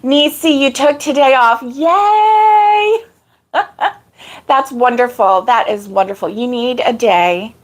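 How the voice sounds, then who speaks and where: A woman's voice: on the high side, steady tone, normal speed, hardly any pauses. A woman hosting a casual live crochet stream, out of breath, chatting and greeting viewers by name. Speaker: crochet channel host.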